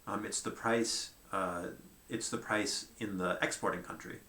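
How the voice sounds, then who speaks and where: A man's voice: fairly low pitch, steady tone, a little slow, sharp tone, echoey room. A man giving a conversational lecture at a whiteboard, thinking aloud and checking in with "right?" as he goes.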